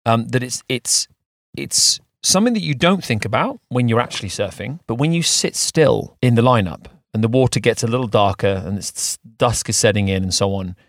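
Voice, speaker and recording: A man's voice: mid-range voice, dry recording. Male co-host, casual rambling storyteller, dry close-mic sound. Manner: rambling storyteller with many restarts. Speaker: podcast co-host. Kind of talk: casual chat.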